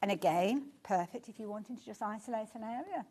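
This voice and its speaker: A woman's voice: mid-range voice, expressive, fast talker, dark tone, husky. Gushing woman presenting on air. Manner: chatty and gushing, reacting to viewer comments. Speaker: shopping show presenter. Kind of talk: live shopping channel presenting.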